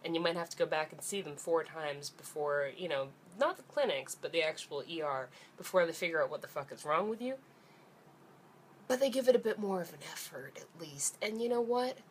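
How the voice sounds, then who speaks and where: A woman's voice: sits low, brisk, a little hiss or hum. A young woman, ranting angrily and sarcastically in a vlog, swearing freely. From Canada. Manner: angry, profane, sarcastic. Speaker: vlogger.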